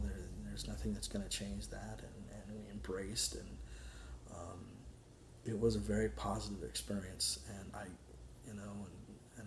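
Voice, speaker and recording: A young man telling a personal story to camera in an earnest, candid way, halting often with restarts and fillers. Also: fairly low pitch, a little mellow, a little hiss or hum. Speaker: vlogger telling his story.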